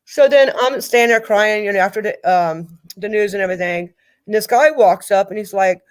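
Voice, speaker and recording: A middle-aged woman speaking as a grieving mother in an interview, talking in a halting way and repeating herself. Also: medium pitch. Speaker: guest, mother of a victim. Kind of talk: emotional interview over a call.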